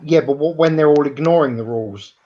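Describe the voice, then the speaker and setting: A man's voice: a little high, fairly quick, darkish tone. A man in a casual group chat, sarcastic and ranting, from the UK. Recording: dull lo-fi call audio.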